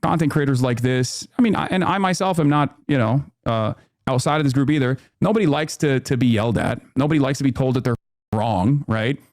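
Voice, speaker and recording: A man's voice: medium pitch, a little fast, a little mellow, no echo. A man with a mid-range voice talks through a casual discussion and keeps hesitating and restarting. The sound is dry and close, with no room around it. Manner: hesitant, many fillers and restarts. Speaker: commentator in a played clip.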